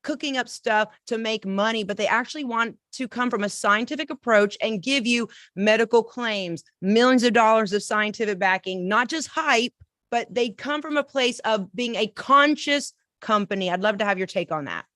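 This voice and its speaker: Bubbly high-voiced woman host. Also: fairly bright tone, no echo. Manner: enthusiastic and effusive, fast bursts. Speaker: podcast host and coach. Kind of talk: casual live-stream chat.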